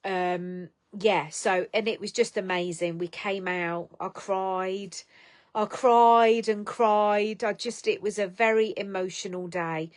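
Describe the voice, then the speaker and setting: A woman's voice: mid-range voice, steady tone, slow. A middle-aged woman hosting a casual live stream, chatting bluntly, swearing freely and giving tough-love pep talks to viewers.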